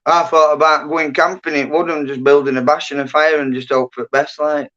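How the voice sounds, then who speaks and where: A man's voice: fairly high pitch, little pitch movement, a little fast, pushed and bright. Man, rambling casual livestream chat, mumbles and trails off, dull lo-fi sound. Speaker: livestream host. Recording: dull lo-fi stream audio.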